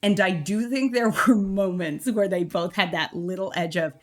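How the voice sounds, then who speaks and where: A woman's voice: medium pitch, moderate pace. Chatty woman podcast co-host. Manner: chatty and animated, self-mocking asides. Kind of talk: casual film review chat.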